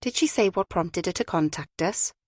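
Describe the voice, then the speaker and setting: A woman doing a terse, low male chief inspector. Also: expressive, normal speed, no echo, clean studio sound. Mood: curt. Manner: terse, matter-of-fact. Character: middle-aged male chief inspector, calm and curt.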